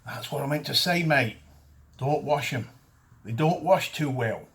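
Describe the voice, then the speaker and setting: A man's voice: mid-range voice, unhurried, gravelly, fairly bright tone. A man voicing a cheeky pub trader who pushes knock-off goods with matey, pushy patter. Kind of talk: mocking impression in a casual talk.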